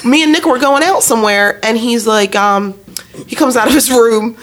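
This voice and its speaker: A woman telling stories about her children in casual chat, animated and laughing often. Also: on the high side, normal speed. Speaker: podcast guest, mother.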